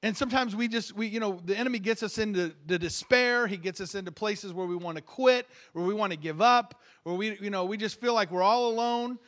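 Male guest preacher with a high voice, emphatic church sermon, calls for amens, stumbles into restarts. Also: brisk, hardly any pauses, a bit bright. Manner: emphatic, calls for amens, repeats his starts. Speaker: visiting preacher.

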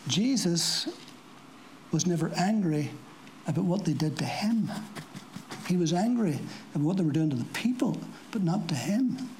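A preacher giving a sermon to a congregation, talking plainly with rhetorical questions and dry asides, slowing down for scripture quotes. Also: medium pitch, lively intonation, darkish tone, slight background noise, poor audio. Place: church service before a congregation.

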